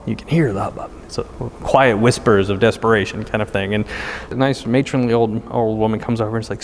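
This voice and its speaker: A man's voice: on the low side, steady tone, brisk, long reverb tail, slight background noise. A middle-aged man telling a casual story in a wry, self-mocking way, full of fillers and restarts. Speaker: guest storyteller.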